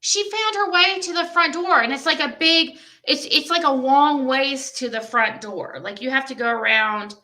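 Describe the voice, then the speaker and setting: Bright-voiced woman chatting on a livestream. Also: high voice, normal speed, few pauses. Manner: chatty storytelling with animated, rising exclamations. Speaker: livestream host. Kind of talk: casual chat reading live comments.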